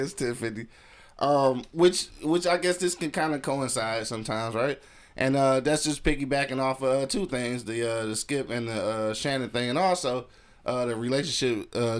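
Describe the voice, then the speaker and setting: A man co-hosting a podcast, telling stories in loose, slangy, emphatic casual talk. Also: mid-range voice. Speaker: podcast co-host. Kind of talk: casual talk radio chat.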